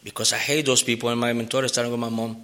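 A man giving an earnest personal testimony at a recovery meeting, halting, with repeated words and restarts. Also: mid-range voice, little pitch movement, a bit bright. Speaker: member sharing his recovery story.

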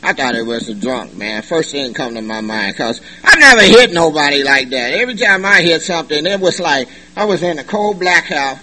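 A middle-aged man giving a personal testimony at a recovery meeting, animated and joking, in loose slangy talk. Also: fairly high pitch, normal speed, few pauses, poor audio. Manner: animated, joking, colloquial, laughs often. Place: meeting room.

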